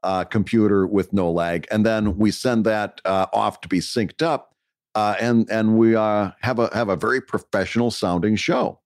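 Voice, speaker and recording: A man's voice: lowish voice, steady tone, normal speed, dry recording, clean studio sound. Easygoing male podcast co-host. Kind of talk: casual chat. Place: home studio, recorded remotely.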